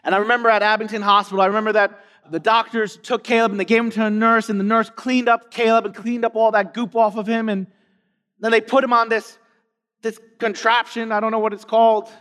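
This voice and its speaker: Male pastor, conversational storyteller with emphatic repetition; high voice, big reverberant sanctuary. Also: flat delivery, a little fast, a bit bright, clear, resonant tone. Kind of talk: sermon. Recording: long hall reverb.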